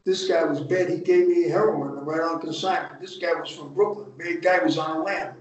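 A retired undercover agent, an older man from North Jersey with the accent to match, talks at normal speed in a steady, slightly high voice. He tells his tales bluntly, with plenty of cursing and a streetwise edge, during a laid-back interview. The sound is remote, muffled, echoey and distant.

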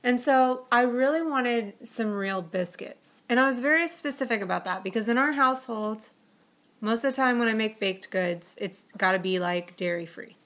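A woman's voice: fairly high pitch, moderate pace, fairly bright tone. Chatty woman podcast co-host. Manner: chatty, with many fillers and giggles. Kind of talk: casual storytelling chat.

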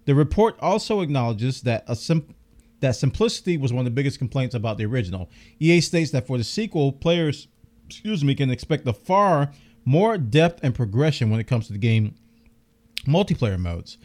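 A chatty male podcast host who talks over gaming news with real enthusiasm. His pitch swings widely as he gets excited. His voice sounds slightly worn from a long show. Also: normal speed. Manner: enthusiastic, chatty, reads out game details. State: losing his voice, coughing. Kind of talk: casual news commentary.

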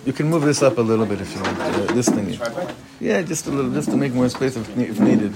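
A man's voice: mid-range voice, lively intonation, fast talker, very noisy. A man, a rabbi giving an informal Torah class in a conversational way, mixing Hebrew terms into his English and putting questions to the room.

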